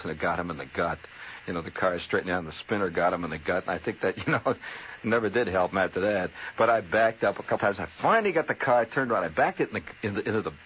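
On an old radio recording that sounds slightly dull with faint hiss, a man with a low-pitched, fairly bright voice tells a long story. He rambles conversationally, filling it with asides and tag questions.

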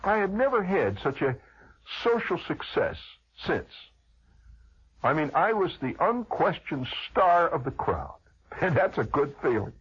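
A man with a fairly high, husky voice speaks a little slowly, spinning a rambling, funny childhood story as a conversational radio monologue. He's animated and digressive, and the audio has a dull, lo-fi radio quality.

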